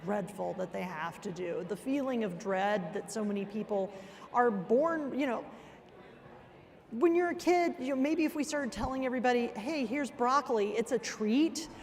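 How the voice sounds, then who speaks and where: Chatty woman, higher voice, lots of fillers. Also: normal speed. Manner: chatty, many fillers like "you know" and "like". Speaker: panelist, auction association member. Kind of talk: casual panel discussion.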